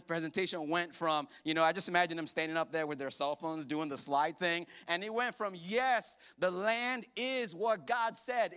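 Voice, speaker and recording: A man preaching a sermon as pastor to a church congregation, animated and jokey, acting out voices as he tells the story. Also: a little high, clear, resonant tone.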